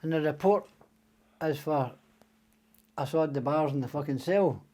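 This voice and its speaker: Unhurried, with a slightly high voice and dark tone, an older Scottish man swaps stories as a podcast guest. He chats casually, cusses freely and mimics the voices of whoever he's quoting.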